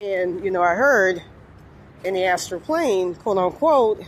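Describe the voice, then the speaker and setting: A woman's voice: mid-range voice, lively intonation, a little slow, slight background noise. Rambling New woman vlogging. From New Orleans, USA. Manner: rambling, meandering, frequent fillers. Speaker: spiritual vlogger. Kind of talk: casual monologue.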